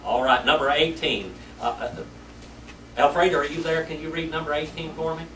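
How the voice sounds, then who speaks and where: A man's voice: on the high side, steady tone, normal speed, fairly bright tone. A man teaching a Sunday school class in a church classroom, telling the story in a folksy, colloquial way. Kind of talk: lively Bible class teaching. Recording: echoey room, distant mic, faint noise.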